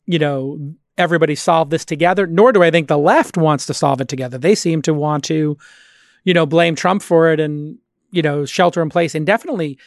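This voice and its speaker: A little high and a little fast, the man's voice comes through studio-clean with no room sound. As podcast host, he talks casually and at length, thinking out loud and beginning sentences again.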